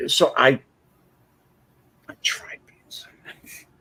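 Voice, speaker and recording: A man hosting a livestream, telling a personal story in a blunt, profane, animated way. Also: takes it slowly, whispered. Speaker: livestream host. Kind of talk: casual storytelling chat.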